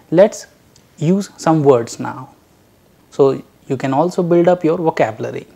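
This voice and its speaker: A man teaching a recorded language lecture, drilling syllables and words slowly and carefully, addressing dear learners. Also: fairly high pitch, gravelly, dark tone.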